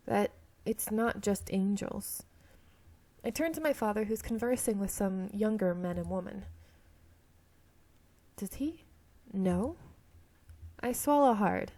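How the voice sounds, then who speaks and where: A woman's voice: medium pitch, animated, slow, long pauses, dark tone. A woman reading a romance visual novel aloud, often stumbling and correcting herself, with chatty asides. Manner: reads narration, stumbles and self-corrects, laughs at herself. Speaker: game streamer reading aloud.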